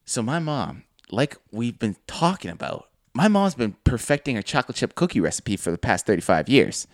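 A young man co-hosting a casual podcast, telling an animated story and swearing freely. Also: mid-range voice, normal speed, no room sound, clean studio sound. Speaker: podcast co-host.

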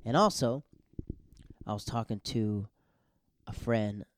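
A man hosting a solo podcast, talking in a rambling, self-correcting way with sudden bursts of excitement. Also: fairly low pitch, takes it slowly, dry recording. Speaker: podcast host.

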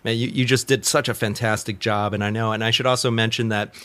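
A man's voice: fairly low pitch, little pitch movement, quick pace, sharp tone. A man hosting a podcast, interviewing his guest with eager, effusive praise. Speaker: podcast host.

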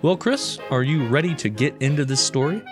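A man's voice: mid-range voice, expressive, fairly quick, over music. Wisecracking male podcast co-host. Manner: wisecracking, riffs on jokes. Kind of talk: casual comedic banter.

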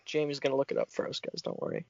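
A man's voice: rapid-fire, no room sound. A man in his twenties co-hosting a podcast in casual chat, playful and jokey. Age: 20s. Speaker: podcast co-host. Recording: dull, dry podcast mic audio.

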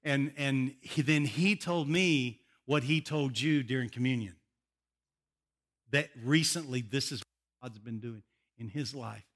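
An older man preaching a sermon, an animated, emotional storyteller who often laughs. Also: medium pitch, measured pace. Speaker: pastor.

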